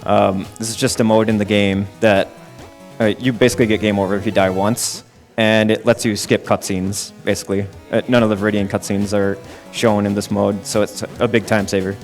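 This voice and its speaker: A man with a lowish voice patiently walks through what is happening in a speedrun, peppering it with "um"s. Faint music plays behind him. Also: level tone, fairly quick. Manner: explanatory, many "um" fillers. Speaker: game commentator. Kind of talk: casual live speedrun commentary.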